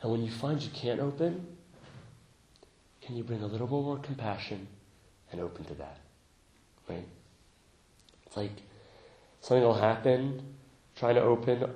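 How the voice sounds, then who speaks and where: A man teaching meditation to a group, speaking gently, laughing often, and growing lively when he tells a story. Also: medium pitch, normal speed, long pauses, roomy sound, poor audio. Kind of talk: dharma talk.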